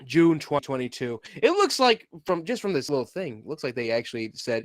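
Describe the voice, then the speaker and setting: A man's voice: medium pitch, big pitch swings, brisk, few pauses, no room sound. A man hosting a casual gaming livestream, swearing freely and laughing often as he reacts to game trailers and fights his computer. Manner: profane, laughs often, grumbles at tech trouble.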